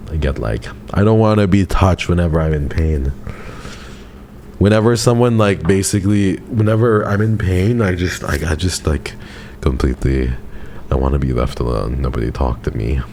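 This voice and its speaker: A man's voice: a bass voice, mellow, a little hiss or hum. A young man chatting casually with his live-stream audience in a playful, teasing, dramatic way.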